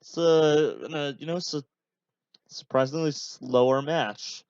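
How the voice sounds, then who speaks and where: A man hosting a podcast, making relaxed, offhand running remarks while he watches a match. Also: on the high side, a little slow, clean tone, no room sound, lo-fi sound. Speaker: podcast host. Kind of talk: casual live commentary while watching a match.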